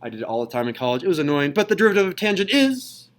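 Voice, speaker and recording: A young man teaching a high school math class in a classroom, playful and jokey in manner. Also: big pitch swings, racing, rough recording. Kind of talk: classroom lecture.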